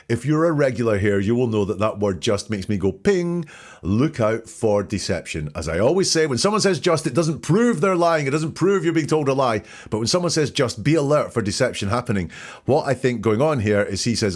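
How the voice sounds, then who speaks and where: A man hosting a podcast who speaks in a measured, methodical way, quoting and dissecting words one by one. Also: on the low side, animated. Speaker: podcast host. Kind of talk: analytical commentary.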